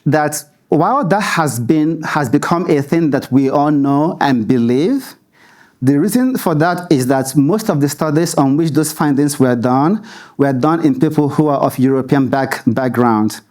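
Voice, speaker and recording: A man's voice: a little high, expressive, unhurried, a little mellow. A man speaks at a public lecture. He answers questions thoughtfully and often restarts a word. He laughs easily between points. He is in a hall under stage lights. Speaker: researcher answering audience questions.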